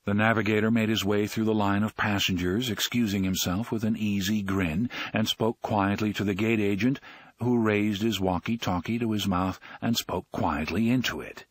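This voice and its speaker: Man, audiobook narrator, low husky voice, lively pitch, dry close sound. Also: moderate pace, dry recording.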